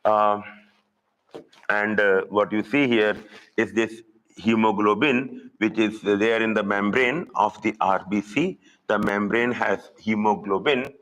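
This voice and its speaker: A man with an Indian English accent teaching a live online zoology class, repeating key terms slowly for students. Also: lowish voice, fairly even intonation, a bit bright, rough recording.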